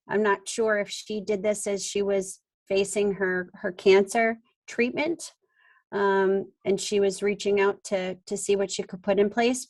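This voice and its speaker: Woman, team leader, motivational huddle, steady flat delivery, video call. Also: medium pitch. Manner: urging, motivational.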